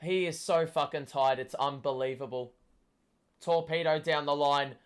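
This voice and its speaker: A young man, hoarse from shouting, gives a live fan commentary of a football match, swearing and yelling at the play. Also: on the high side, steady tone, moderate pace. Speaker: watchalong host.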